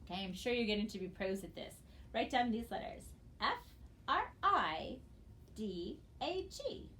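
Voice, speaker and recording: A woman teaching a recorded phonics lesson, speaking patiently and encouragingly and spelling out letters slowly for her students. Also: medium pitch, sing-song, a bit bright, slight background noise. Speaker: reading teacher.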